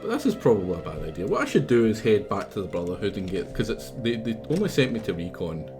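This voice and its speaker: A man's voice: on the low side, big pitch swings, quick pace, music in the background. A Scottish man streaming a game live, rambling casually, swearing freely and talking back at the game. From Scotland. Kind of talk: casual live gameplay commentary.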